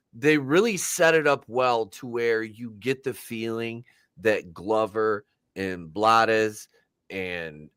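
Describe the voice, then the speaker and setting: A man in a casual movie chat, enthusiastic and rambling, often pausing on fillers. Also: lowish voice, fairly bright tone, smooth, no echo, clean studio sound.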